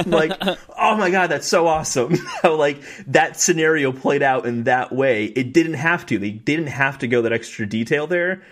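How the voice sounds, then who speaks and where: A young man co-hosting a podcast, telling stories in an excited, fast, casual way with many fillers and acted-out quotes. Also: on the high side. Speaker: podcast co-host. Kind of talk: casual chat.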